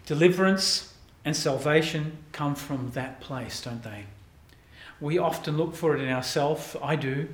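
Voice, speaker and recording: A male pastor preaching a sermon in an earnest way, often repeating words and dropping softly into prayerful lines. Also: on the high side, measured pace, roomy sound.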